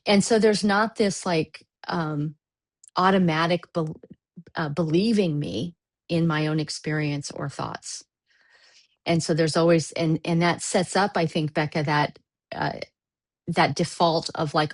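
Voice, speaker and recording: A woman with a lower voice talks candidly in a panel discussion over a video call. She grows emphatic in bursts of strong feeling. Her sound is dry and close. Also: moderate pace, no room sound. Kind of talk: casual discussion.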